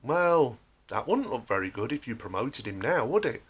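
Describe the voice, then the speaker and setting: A man's voice: medium pitch, big pitch swings, a little fast, fairly bright tone, slightly rough. A man delivering an emphatic, sarcastic ranting monologue. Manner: emphatic, sarcastic, acts out quotes. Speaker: vlogger.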